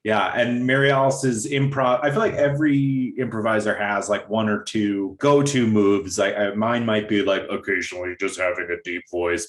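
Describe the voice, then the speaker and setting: A young man hosting a podcast, chatting casually and rambling, with frequent restarts and fillers. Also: medium pitch. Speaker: podcast host. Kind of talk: casual chat.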